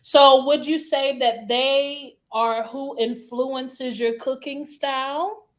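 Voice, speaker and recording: A woman's voice: high-pitched, fairly even intonation, slow. A woman hosting a casual interview, asking questions and reacting with encouraging exclamations. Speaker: host.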